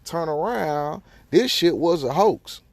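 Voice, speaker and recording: A man's voice: on the high side, slow, gravelly, no room sound. A man hosting a podcast, giving his blunt, profane take on a news story in casual talk. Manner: profane, animated, rhetorical. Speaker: podcast host.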